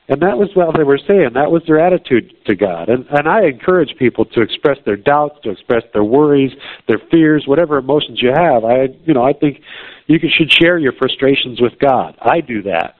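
A man's voice: medium pitch, expressive, moderate pace. Man preaching over tinny phone-like sound. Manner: plain conversational preaching with blunt rhetorical questions. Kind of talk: sermon.

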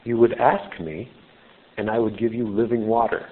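A man doing a calm, direct teacher. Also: lowish voice, lightly acted. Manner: slow, measured, direct. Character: calm, direct male teacher speaking plainly. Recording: tinny phone-like sound.

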